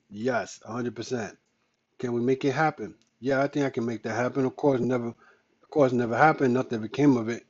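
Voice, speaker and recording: A man's voice: mid-range voice, dark tone, highs cut off. A man hosting a podcast, ranting in a heated, emphatic, repetitive way. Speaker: podcast host. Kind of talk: casual ranting commentary.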